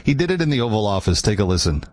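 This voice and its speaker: A man's voice: on the low side, sing-song, rapid-fire, no echo. A man from the United States giving casual, opinionated commentary in a wry, amused manner. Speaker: political commentator.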